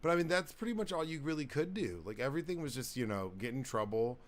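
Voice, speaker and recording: A podcast host in his thirties tells old party stories in laid-back, casual chat, swearing heavily. He talks fast in a mid-range, sing-song voice.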